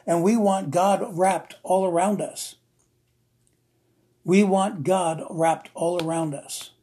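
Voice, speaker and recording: A man preaching an emotional sermon, earnest and repetitive, slowing down to stress his words. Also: sits high, fairly even intonation, dark tone, breathy edge. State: emotional, near tears.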